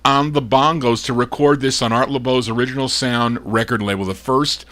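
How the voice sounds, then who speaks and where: A man hosting a live oldies record show, gruff and fed up as he grumbles between detailed introductions of the records he spins. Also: medium pitch, fairly even intonation, normal speed, fairly bright tone. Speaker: radio show host and record DJ.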